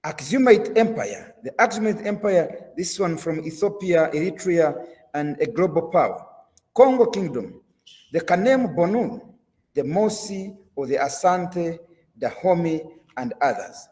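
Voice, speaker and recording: A male host reading out a prepared topic introduction with a lively, up-and-down delivery. His voice sits fairly high for a man and rings with long echo from a reverberant room. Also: measured pace. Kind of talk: interview hosting with read-out topic introduction.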